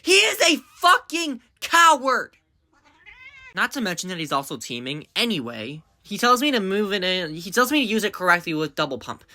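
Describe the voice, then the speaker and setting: A woman doing reaction commentary in an exasperated, ranting way, her voice strained from yelling. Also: medium pitch, no room sound, studio quality. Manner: exasperated, ranting, swings into outbursts. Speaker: commentary creator.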